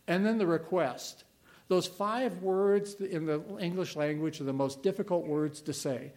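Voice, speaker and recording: A middle-aged man preaching a sermon as a pastor, earnest and emphatic, pausing and repeating key words. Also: on the high side, darkish tone.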